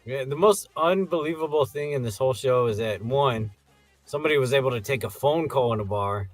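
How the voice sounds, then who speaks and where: A man co-hosting a podcast, recapping a show in casual chat, laughing and jumping into silly high voices. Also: lively intonation, brisk, no room sound, faint music behind. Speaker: podcast co-host.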